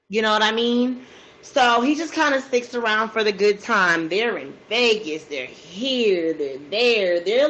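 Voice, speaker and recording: A woman's voice: mid-range voice, a bit bright, rough recording. Chatty woman spinning a true crime tale. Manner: chatty and slangy, with drawn-out asides. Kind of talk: casual true crime storytelling over a food video.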